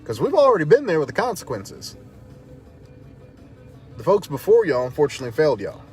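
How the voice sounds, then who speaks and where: A man's voice: a little high, wildly swooping pitch, fairly quick, faint music behind. A man speaking as a protest activist, fiery and defiant, hammering points home through repetition. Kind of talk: impassioned direct-to-camera talk.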